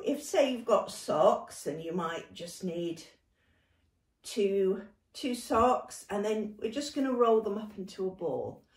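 A young British woman leading a gentle seated movement session. She laughs often and talks in an encouraging way. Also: fairly high pitch. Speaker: dance and movement workshop leader. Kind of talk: gentle guided exercise session. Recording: echoey room, voice from a distance.

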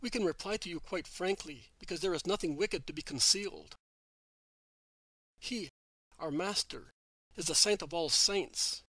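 A solemn, sincere apostle, read by a man who speaks gravely, in a bright, forward voice. The sound is close and dry. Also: high voice, moderate pace, pauses often, no echo, low-quality recording.

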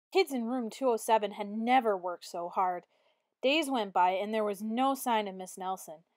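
A woman teacher reading a picture book aloud to children in an expressive, animated way. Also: mid-range voice, moderate pace. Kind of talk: read-aloud storytelling.

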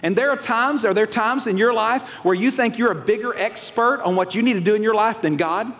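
A pastor preaching a folksy, animated sermon and acting out quotes. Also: male voice, sits high, a little fast. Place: church auditorium. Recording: long reverb of a large church hall.

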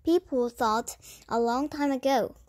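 A cautious, sensible young boy in a storybook, read by a woman. The voice is fairly high in a dry, close space. She reads plainly, with restarts. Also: a little slow, darkish tone, no room sound. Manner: plain reading with stumbles and restarts.

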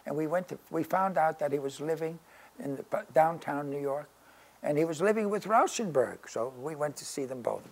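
An older painter is interviewed in his studio, telling rambling, anecdotal stories in a casual way and sprinkling in "you know" and "you see." His voice is fairly high in pitch, with lively intonation and a moderate pace.

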